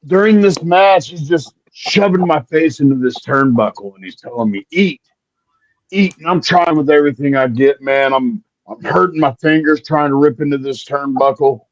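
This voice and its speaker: A man tells animated stories and acts out other people's voices as he goes. His voice sits a little high for a man. The audio is dull, lo-fi, and dry. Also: moderate pace, few pauses, no echo. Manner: animated anecdotes, acts out quotes. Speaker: guest, wrestler. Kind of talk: casual storytelling.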